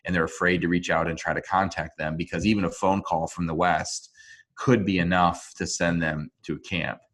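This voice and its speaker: A man answering interview questions over a video call, earnest and halting, with frequent restarts. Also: low-pitched, fairly even intonation, a bit bright. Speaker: interview guest. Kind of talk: remote interview.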